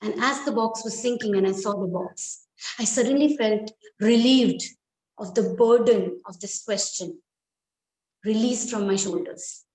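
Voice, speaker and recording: Slow, expressive woman storyteller. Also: medium pitch. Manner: slow, deliberate, expressive telling. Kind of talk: dramatic first-person story narration. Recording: echoey room.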